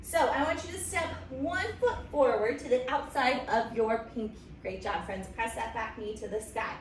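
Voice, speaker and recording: Her pitch sits fairly high and she speaks at a normal speed while running a playful, encouraging yoga story time for kids and throwing in goofy animal noises. She's a children's yoga teacher, captured from a distance in a roomy space with a little background noise.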